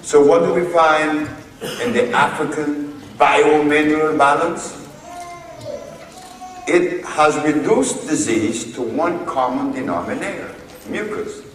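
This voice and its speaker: A man giving a public lecture, speaking deliberately and posing rhetorical questions to his audience. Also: fairly high pitch. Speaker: lecturer addressing a group. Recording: echoey hall, voice from far off.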